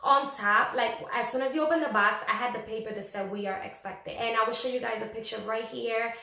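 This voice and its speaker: A young woman vlogging casually, telling a personal story in a chatty, animated way and acting out what people said. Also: on the high side, fast talker, creaky. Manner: chatty, animated, acts out quoted voices. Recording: echoey room.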